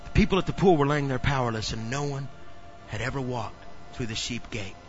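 A male pastor preaching a sermon in an animated way, often questioning the congregation. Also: mid-range voice, brisk, muffled recording, soft background music.

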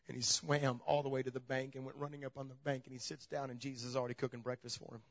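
A man preaching a sermon, telling the story in a lively way that swings from loud emphasis to a hushed near-whisper. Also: medium pitch, fast talker. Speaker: pastor. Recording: dull lo-fi sound.

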